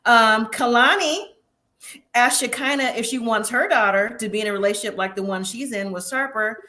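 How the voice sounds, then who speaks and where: Bright-voiced chatty woman host. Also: fairly high pitch, normal speed. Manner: chatty, opinionated, laughs often. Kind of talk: casual live review chat.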